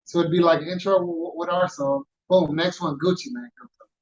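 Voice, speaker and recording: Man, podcast guest from Houston, lively slangy storytelling, a bit dull lo-fi recording. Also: on the high side, a little fast. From Houston, Texas. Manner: animated storyteller, acts out quoted voices, street slang. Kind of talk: casual storytelling.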